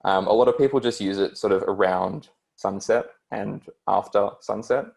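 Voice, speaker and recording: A man's voice: lowish voice, fairly even intonation, moderate pace, creaky, darkish tone. A young man tutoring an online beginners' German lesson, hesitant and full of ums as he explains.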